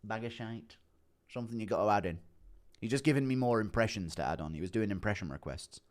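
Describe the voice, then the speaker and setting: A man's voice: fairly low pitch, fast, a little mellow. A man streaming live, chatting casually and laughing often as he reads out his chat on a streaming mic. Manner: laid-back, chuckling, reads chat aloud.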